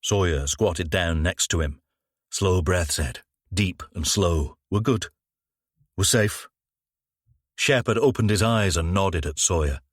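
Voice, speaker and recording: A man with a low voice narrating a crime novel at a measured, even pace. He reads on a close microphone. The recording is very dry with no room sound. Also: breathy edge, no echo. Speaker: audiobook narrator. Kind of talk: scripted narration.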